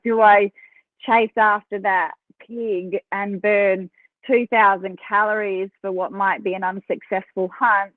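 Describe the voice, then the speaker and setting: A woman with an Australian accent, a podcast guest telling stories in a chatty, animated way and laughing between phrases. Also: mid-range voice, dry recording. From South Australia. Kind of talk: casual interview storytelling. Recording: tinny phone line, dry.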